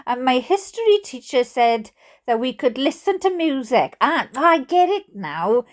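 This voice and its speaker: A Welsh woman reads funny stories aloud and breaks off into chatty, giggly asides. Her high voice leaps up and down as she reacts with mock indignation. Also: very animated, a little slow. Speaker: storyteller reading viewer stories.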